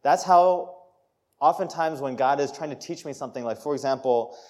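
A young man preaching a sermon, telling a personal story with lively, acted-out quotes and laughs. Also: mid-range voice, moderate pace. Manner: animated storytelling, acts out quotes, laughs between lines. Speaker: pastor.

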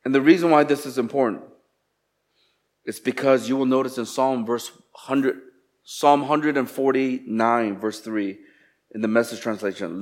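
A man preaching a sermon, reading scripture and explaining it in an animated way, acting out quotes with sarcasm. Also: medium pitch, normal speed. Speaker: pastor.

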